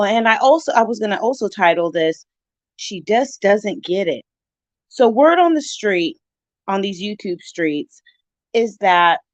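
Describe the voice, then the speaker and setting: A woman's voice: medium pitch, dry recording. A middle-aged woman gives a casual, opinionated reaction vlog, speaking straight to the viewer. The sound is dry and close. The recording is dull and a little lo-fi. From California. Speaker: vlogger reacting to another channel. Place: home at night.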